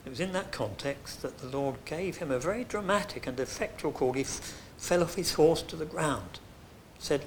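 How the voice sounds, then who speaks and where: A man delivers a sermon, his voice sitting a bit high for a man. He swings from quiet, hushed phrases to loud, emphatic declarations. A faint low rumble hums in the background. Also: expressive, normal speed. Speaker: preacher.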